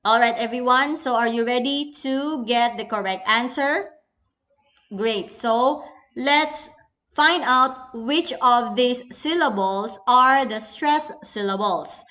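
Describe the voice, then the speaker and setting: Woman, Filipino accent, English teacher, recorded lesson, slow delivery, higher voice, patient. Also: bright, forceful tone. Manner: patient, instructive, addresses class as everyone.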